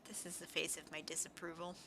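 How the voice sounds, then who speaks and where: A woman's voice: deep voice, little pitch movement, fast talker, pushed and bright, slight background noise, voice pushed down. A woman voicing a nervous, formal gatekeeper. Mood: uneasy.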